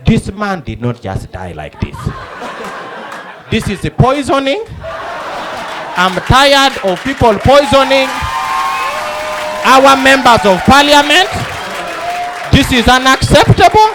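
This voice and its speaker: A man with a Ugandan English accent playing a loud, rambling male bystander who is indignant and hungry for attention. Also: lowish voice, wildly swooping pitch, normal speed, hardly any pauses, crowd noise, noisy background, pitched below the performer's own voice.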